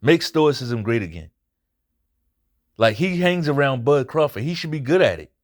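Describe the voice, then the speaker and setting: A man with a medium-pitched, sing-song voice recaps a fight casually on his boxing commentary channel, speaking at a moderate pace. His talk is blunt and full of swearing, and he hammers his points by repeating them.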